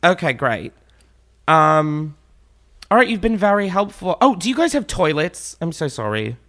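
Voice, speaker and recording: A man's voice: a little high, big pitch swings, moderate pace, fairly bright tone. A man hosting prank calls, chatty and casual, swearing and laughing between calls. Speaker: prank call host. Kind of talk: casual prank call chat.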